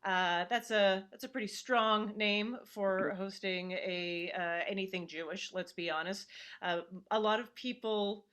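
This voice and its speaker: A woman's voice: medium pitch, a bit bright. Woman comedian host, middle-aged, chatty and wry, on a video call.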